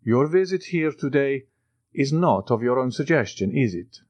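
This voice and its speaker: A man voicing a composed count who speaks in a measured, assured way. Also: mid-range voice, lively intonation, darkish tone, no room sound, voice pushed up, lightly acted.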